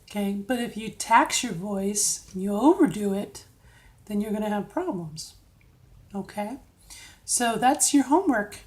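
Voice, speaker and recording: A woman's voice: mid-range voice, expressive, a little slow, darkish tone. A middle-aged woman casually coaching viewers through voice drills, checking in with frequent "okay?"s. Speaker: vlogger giving voice training tips. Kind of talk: casual instructional vlog.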